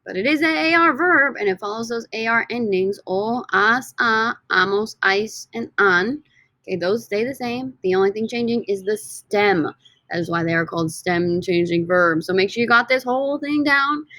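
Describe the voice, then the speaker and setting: A woman's voice: mid-range voice, moderate pace, pushed and bright, no room sound. Casting: upbeat female teacher narrating slides, dry booth-like sound. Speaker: Spanish teacher. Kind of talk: recorded slide lesson.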